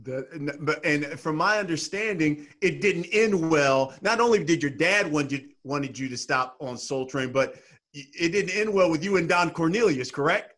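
A man hosting a podcast, playful and quick to laugh along with his guest. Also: a little high, animated, fairly bright tone. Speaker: podcast host. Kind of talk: casual interview chat.

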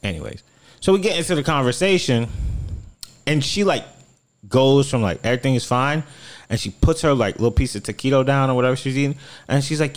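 A man's voice: mid-range voice, lively intonation, fairly quick. A man from South Florida telling dating stories in casual chat, acting out the quotes in shifting voices.

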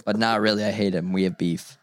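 A man's voice: fairly low pitch, steady tone, fairly quick, no echo, studio quality. A young man in casual chat, joking and mocking himself while reciting lists.

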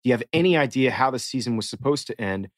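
A man's voice: mid-range voice, lively intonation, quick pace, dry recording, studio quality. A man from Miami co-hosting a podcast, telling stories with animation and laughter. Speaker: podcast co-host, actor. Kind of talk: casual chat.

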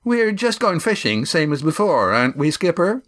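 A man reading aloud puts on a nervous crewman in a storybook, querulous and hopeful, with his voice pitched well above the narrator's own and his words drawn out slowly. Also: sing-song, fairly bright tone, breathy edge, full character voice. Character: anxious, querulous fisherman crew member.

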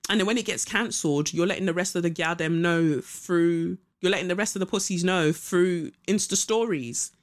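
A young podcast host, talking casually and reading headlines aloud. The delivery is opinionated and sarcastic, full of likes and ums, with a middle-of-the-road pitch. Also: moderate pace, hardly any pauses.

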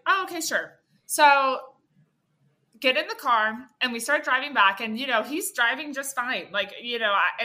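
A young woman, a podcast guest, telling an animated story in casual chat, full of filler words. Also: fairly high pitch.

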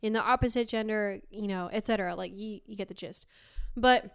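A young woman from Argentina in casual podcast chat, chatty and quick to laugh. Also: medium pitch, gravelly, clean tone, no room sound, clean studio sound. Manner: laughs often, chatty and animated.

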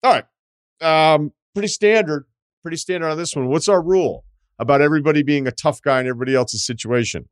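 A man's voice: fairly high pitch, fast talker, no echo, clean studio sound. A man hosting a podcast advice segment, reading listener letters aloud and answering in a candid, joking way with rambling asides. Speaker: podcast host.

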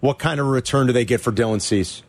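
A man hosting a sports talk radio show, an animated fan who rants about his teams. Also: medium pitch, fast talker, no room sound.

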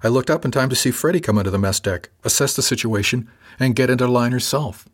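A man calmly narrating a first-person audiobook in an even storytelling manner. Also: mid-range voice, fast talker.

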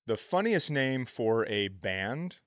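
A man co-hosting a comedy podcast, telling rambling stories and sometimes bursting into loud impressions. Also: mid-range voice, sing-song, takes it slowly, no echo, clean studio sound. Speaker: podcast co-host. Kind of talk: casual comedy podcast chat.

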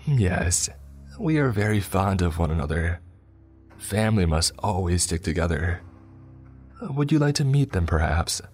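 A creepy old cave cultist, as a male narrator puts him on, drawling slowly in a higher, sly voice that turns sinister and menacing. His friendliness sounds false, and soft music plays behind him in this horror story. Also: very animated, heavily acted. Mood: ominous. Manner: slow, falsely welcoming, menacing.

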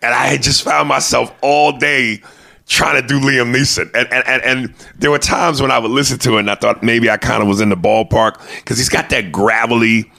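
A man's voice: mid-range voice, steady tone, brisk, vocal fry, bright, forceful tone, no echo, studio quality. A male comedian hosting a podcast, chatting casually in a rambling, profane way with many restarts.

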